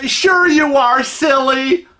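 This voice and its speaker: A man voicing an overly familiar middle-aged woman who gushes in a high, breathless voice. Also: takes it slowly, pushed and bright, heavily acted. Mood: gushing. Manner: breathless, high-pitched gushing.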